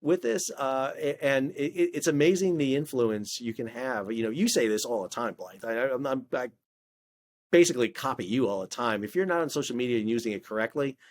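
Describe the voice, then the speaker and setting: A man's voice: medium pitch, a little fast. Chatty middle-aged man telling stories. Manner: animated storyteller, frequent stammered restarts. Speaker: podcast guest, maritime historian. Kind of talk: casual conversational interview.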